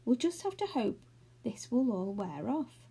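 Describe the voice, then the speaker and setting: A woman's voice: on the high side, sing-song, measured pace, creaky, mellow, slightly rough, heavily acted. A woman voicing a growly teddy bear in a storybook. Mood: glum. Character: round fat teddy bear, once a moon-faced man.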